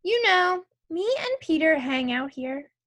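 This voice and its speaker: A woman's voice: very high voice, sing-song, a little slow, a bit bright, no echo, studio quality, pitched above the performer's own voice, heavily acted. A woman reading a storybook aloud and voicing an easygoing fourth-grade boy who speaks in a casual, coaxing way.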